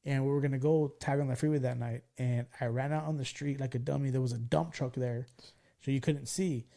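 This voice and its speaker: A man in his forties from California, hosting a podcast and telling stories in a loose, profane, excitable way. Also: medium pitch, a little fast, creaky. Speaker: podcast host. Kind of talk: casual storytelling chat.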